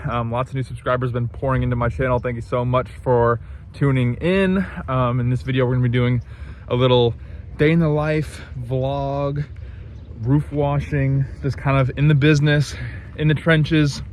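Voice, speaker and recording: A man's voice: medium pitch, fairly even intonation, normal speed, a little mellow, slight background noise. A man talking casually through a work-day vlog outdoors, rambling with plenty of ums. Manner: laid-back, rambling, lots of ums. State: a bit out of breath. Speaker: pressure washing business owner. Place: outdoors at a rural job site.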